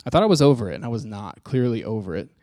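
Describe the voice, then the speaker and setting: Racing through a personal testimony sermon, this man speaks with a fairly low, darkish voice and big swings in pitch, with no room sound. His storytelling is candid and self-mocking, and he performs other people's quoted words.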